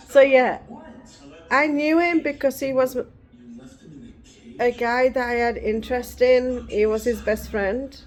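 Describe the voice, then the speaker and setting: A woman's voice: high voice, fairly even intonation, slow, long pauses. A middle-aged woman vlogging in casual chat, rambling and digressive.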